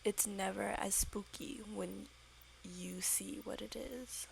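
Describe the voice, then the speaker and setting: Boastful old male ghost played by a woman, folksy drawl, half-whispered, gravelly, slightly noisy. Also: mid-range voice, fairly even intonation, slow pace.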